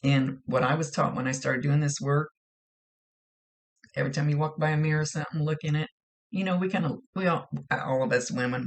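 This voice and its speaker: A woman psychic medium talking through a spirit reading in a chatty, self-deprecating way. Her voice carries a steady gravelly fry, and she circles back and repeats her points. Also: low voice, brisk.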